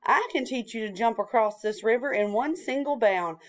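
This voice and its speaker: A woman voicing a lonely old man who yells after the runaway cookie in a storybook. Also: a little high, moderate pace, natural voice. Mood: yelling. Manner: yelling commands. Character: old man, lonely baker turned ninja master.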